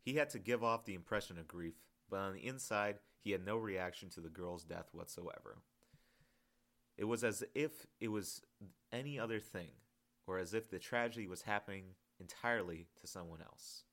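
A man reading his own novel aloud in a calm, measured audiobook narration. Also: sits low.

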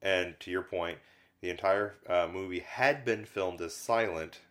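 A man's voice: deep voice, unhurried, a bit bright. A man co-hosting a casual film podcast, rambling with lots of fillers and restarts. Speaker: podcast co-host reviewing films. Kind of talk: casual chat.

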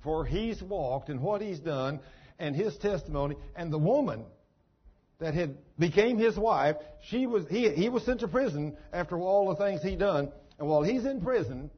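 High, husky-voiced storytelling preacher. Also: male voice, expressive, normal speed, highs cut off. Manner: folksy, storytelling, emphatic. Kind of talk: sermon.

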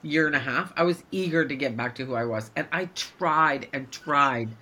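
A woman's voice: sits low, normal speed, pushed and bright. A woman co-hosting a podcast, talking in a reflective, earnest way in casual conversation. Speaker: podcast co-host.

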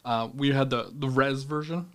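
Laid-back blunt man telling stories. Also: moderate pace. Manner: low-key, blunt storyteller who laughs easily. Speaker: podcast co-host. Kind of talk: casual chat.

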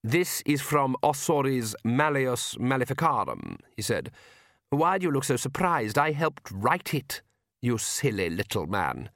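A man reading an audiobook, voicing a suave, theatrical male vampire count who talks in a smooth, amused and condescending way. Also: mid-range voice, big pitch swings, unhurried, a bit bright, dry recording, clean studio sound. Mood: scornful.

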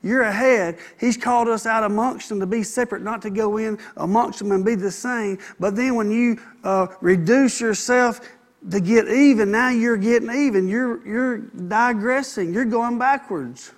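Folksy preacher man, high voice. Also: normal speed. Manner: folksy, conversational preaching with asides to the congregation. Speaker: pastor. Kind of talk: sermon.

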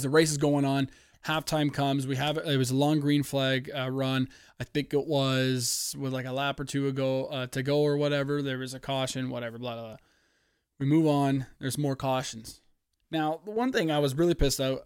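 A man from Canada hosting a solo podcast, animated, profane and rambling. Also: medium pitch, clean tone, no echo, studio quality. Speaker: podcast host. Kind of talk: casual solo podcast rant.

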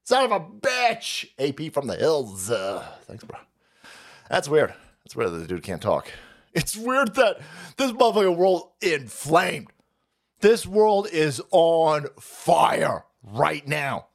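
A man hosts his own livestream, tearing into the news in a foul-mouthed, mocking rant. His voice sits a little high and swings widely up and down as he laughs his way through it. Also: expressive, slow, vocal fry. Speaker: livestream host. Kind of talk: profane political rant on a livestream.

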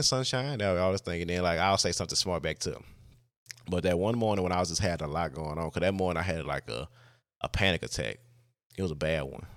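Deep-voiced man rambling through a story. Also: no echo, studio quality. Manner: rambling, heavy use of "like", frequent restarts. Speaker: podcast host. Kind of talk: casual personal storytelling.

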